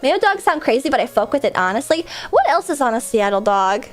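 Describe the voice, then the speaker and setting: A woman's voice: high voice, sing-song, brisk, soft background music. A woman streamer chatting casually with a stuffy, congested nose, rambling and laughing often. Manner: rambling, filler-heavy, frequent laughs.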